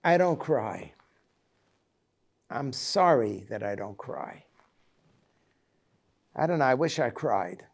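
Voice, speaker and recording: Gravelly rabbi in his seventies. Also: medium pitch, lively intonation. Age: 70s. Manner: halting, personal storytelling. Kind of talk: reflective Tisha B'Av lecture.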